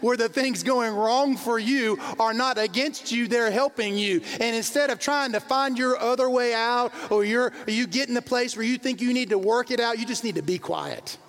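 A pastor preaching a sermon in a church, rising into impassioned loud bursts and dropping into self-deprecating asides about his marriage. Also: extremely high pitch, moderate pace, hardly any pauses, big-room sound.

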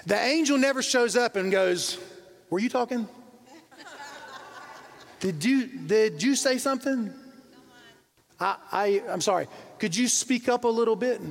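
A pastor preaching a sermon in a church, rising into impassioned loud bursts and dropping into self-deprecating asides about his marriage. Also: extremely high pitch, in a large hall.

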